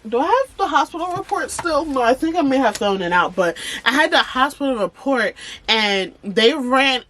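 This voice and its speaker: A young woman vlogger talking candidly to camera about her own experience, emphatic and animated, speaking straight to her viewers. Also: sits high, moderate pace, slight background noise. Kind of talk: candid personal storytelling to camera.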